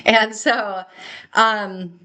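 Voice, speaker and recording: A young adult woman talking in an excitable, rambling way in a personal vlog, laughing and tearing up at times. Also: mid-range voice, very slow. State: tearful at times. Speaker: spiritual vlogger.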